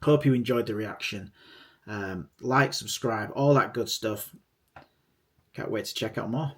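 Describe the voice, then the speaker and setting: A man's voice: fairly low pitch, measured pace. A middle-aged man hosting a reaction video, talking casually and enthusiastically, often repeating himself. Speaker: reaction channel host.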